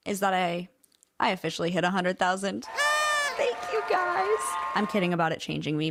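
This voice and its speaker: A young woman hosting a casual vlog, telling stories in a chatty, swearing, animated way into a studio mic. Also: medium pitch, gravelly. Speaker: YouTube commentary host.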